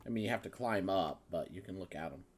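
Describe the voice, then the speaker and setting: Male game master, lowish voice, relaxed and hesitant narration. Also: fast. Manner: casual, hesitant with fillers.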